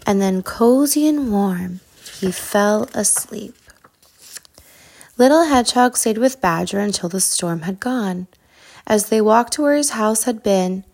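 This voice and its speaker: A woman narrating a children's storybook in a calm, soothing way. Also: on the high side.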